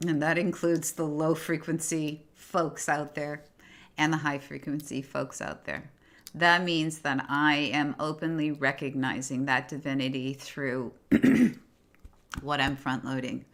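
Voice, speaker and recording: A woman's voice: sits low, fairly even intonation, measured pace. A woman hosting a casual livestream, reading viewer comments aloud and answering them in an encouraging, effusive way. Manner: warm and effusive. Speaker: livestream host.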